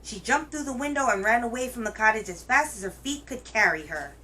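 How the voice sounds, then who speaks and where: A woman hosting a children's reading show, telling a picture book aloud in a gentle, expressive way. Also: on the high side, a little fast, a little hiss or hum, poor audio. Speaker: children's story reader, host.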